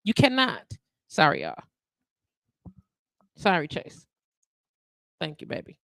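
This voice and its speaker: A woman hosting a live internet radio show in casual chat. She is sassy and animated, and she acts out the people she talks about in quoted voices. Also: low-pitched, slow pace, vocal fry, long pauses, dry recording, studio quality.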